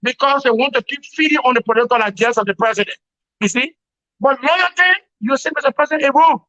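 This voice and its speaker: A man's voice: very high voice, fast, bright, forceful tone. A man giving emphatic political commentary over a remote call, repeating words and laughing wryly. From Liberia. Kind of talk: opinionated commentary on a talk show. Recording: dull lo-fi call audio.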